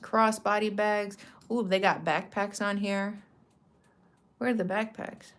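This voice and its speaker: A woman's voice: medium pitch, measured pace. A woman hosting a casual craft vlog, chatting in a loose, rambling way and correcting herself mid-sentence. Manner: relaxed slang-filled talk. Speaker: craft vlogger. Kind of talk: casual chatty product walkthrough.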